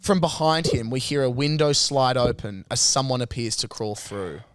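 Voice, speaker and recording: A man co-hosting a comedy podcast, briskly organizing a bit and reading stage directions aloud in a deadpan manner. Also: medium pitch, smooth, dry recording, studio quality.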